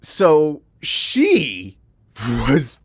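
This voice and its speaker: A man's voice: fairly high pitch, huge pitch swings, very slow, dry recording, studio quality. Chuckling man rambling through a story. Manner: rambling, chuckling, frank and profane. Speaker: vlogger. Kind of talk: casual storytime monologue. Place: home, at his computer.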